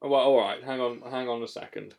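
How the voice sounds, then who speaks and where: Hesitant deadpan comic male host. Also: medium pitch, brisk, vocal fry. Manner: hesitant, full of ums, mock-earnest. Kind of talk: deadpan comic improv chat.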